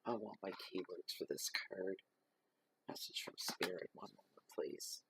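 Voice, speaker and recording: A man giving a slow, reflective spoken tarot reading, reading card keywords aloud. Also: low-pitched, gravelly, a bit bright, a little hiss or hum. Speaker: tarot reader.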